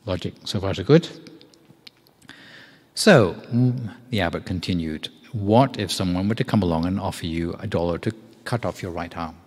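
A man, a monk, giving a Dhamma talk in a meditation hall, telling a story in a measured, gentle way with a few fillers. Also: low-pitched, husky. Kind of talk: storytelling sermon.

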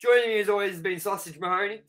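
Rowdy Australian man, bright voice. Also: sits high, rapid-fire, a little hiss or hum, rough recording. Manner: rowdy, swearing, jokey. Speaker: podcast co-host. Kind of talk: casual podcast banter.

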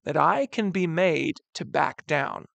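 A man in his thirties teaching a history lesson, animated and chatty, often calling the students "guys". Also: on the high side, takes it slowly, vocal fry, dry recording. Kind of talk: classroom lecture.

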